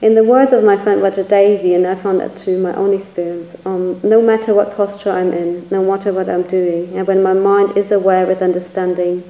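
A woman's voice: mid-range voice, level tone, brisk, hardly any pauses, warm tone, reverberant, poor audio. A woman teacher giving a reflective Buddhist dharma talk, searching for words and hedging often as she speaks. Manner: reflective, searching, hedges with "sort of".

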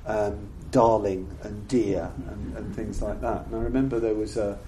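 Delivering a contemplative dharma talk to listeners, this older man pauses often and circles back over words while hunting for how to say things. He sits on the low side, with a dark timbre and a level, even delivery. Faint noise and a spacious echo fill the room.

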